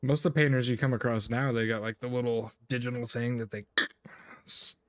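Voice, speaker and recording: A man's voice: medium pitch, steady tone, a little fast, no room sound. A man co-hosting a podcast in casual chat, giving short reactions and dry asides. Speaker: podcast co-host.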